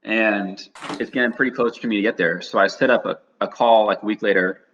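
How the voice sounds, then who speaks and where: A man's voice: fairly low pitch, steady tone, fairly quick, fairly bright tone, a little hiss or hum. A young man on a podcast telling a rambling anecdote in casual chat, acting out the quotes. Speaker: podcast co-host. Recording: dull lo-fi recording.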